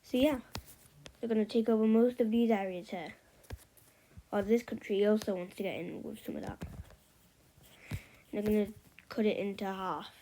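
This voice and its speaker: A woman's voice: medium pitch, moderate pace, long pauses, dark tone, slight background noise, rough recording. A woman casually narrating a map scenario, rambling with lots of fillers and offhand remarks. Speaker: map video creator. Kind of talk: casual commentary over a map.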